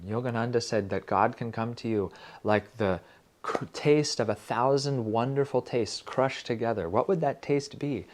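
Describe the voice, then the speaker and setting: A man gently teaching about devotional verses, reciting lines slowly and dropping his voice to whispers. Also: on the low side. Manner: slow, gentle, drops to whispers on repeated words. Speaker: spiritual music teacher.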